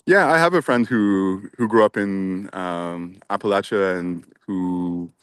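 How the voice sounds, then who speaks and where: Deep-voiced man, dry and unhurried. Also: clean tone, no echo. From Canada. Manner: hesitant, thinking aloud with fillers. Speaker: interviewee. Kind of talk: casual conversation.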